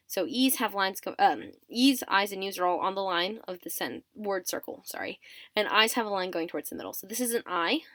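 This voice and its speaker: Sleepy and yawning, a teacher walks through a constructed writing system one step at a time, counting aloud and fixing her own slips. She speaks in a mid-range, somewhat bright voice. The recording is dry.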